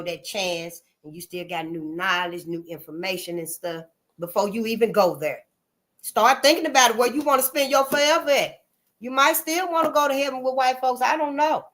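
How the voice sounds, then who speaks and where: Blunt, cussing woman with a bright voice. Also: a little high. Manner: emphatic, blunt and freely cussing; preachy, repeats points to drive them home. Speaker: channel host. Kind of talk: casual spoken commentary monologue.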